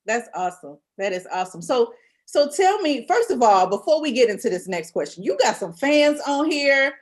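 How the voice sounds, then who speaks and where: A woman's voice: a little high, sing-song, moderate pace. A woman hosting a casual interview, speaking in an encouraging, emphatic way. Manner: warm, encouraging, emphatic asides. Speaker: podcast host.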